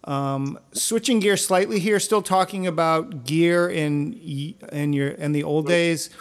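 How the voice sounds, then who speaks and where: Curious male interviewer, slightly high. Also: measured pace. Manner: curious, brief affirmations. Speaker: interviewer host. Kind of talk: casual interview questions.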